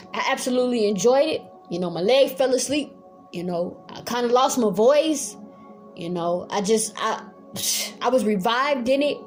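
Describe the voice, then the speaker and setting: High-pitched, fiery woman preacher. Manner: zealous, swings from calm to yelling. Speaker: Bible teacher. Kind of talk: fiery sermon. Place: at home.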